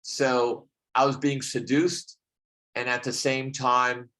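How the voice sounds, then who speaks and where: A man telling a personal story about healing, in a reflective, halting way with many pauses, over a video call. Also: medium pitch, level tone, a bit bright. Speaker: speaker sharing a healing story.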